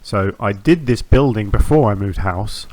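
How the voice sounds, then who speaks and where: A man hosting a gaming channel, talking through a zoo-building game in a relaxed, rambling way, often restarting phrases and filling pauses with ums. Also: lowish voice. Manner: rambling, self-correcting, with frequent ums and restarts. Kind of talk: relaxed gameplay commentary.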